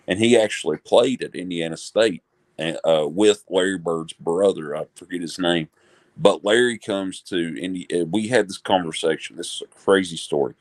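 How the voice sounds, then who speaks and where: Deep-voiced male sports podcast host. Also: no room sound. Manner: rambling storyteller, frequent fillers. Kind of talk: casual sports podcast chat.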